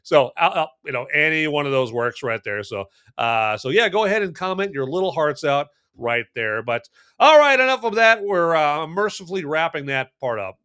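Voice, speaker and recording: A man's voice: on the high side, very animated, normal speed, clear, resonant tone. A man hosting a casual live-streamed movie review podcast, speaking playfully and straight to his viewers with many fillers and restarts. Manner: lots of fillers and restarts, swings between loud and hushed.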